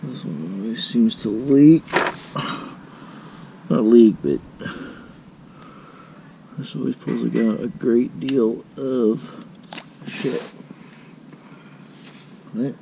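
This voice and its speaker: A man's voice: medium pitch, extremely slow, creaky, pauses often. A man casually talking through a DIY motorbike oil change outdoors, muttering and cursing as he works. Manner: mutters and curses while working. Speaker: home mechanic. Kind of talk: casual how-to commentary. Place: outdoors beside a flower bed. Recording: noisy outdoor camera recording. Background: outdoor ambience and vehicle noise.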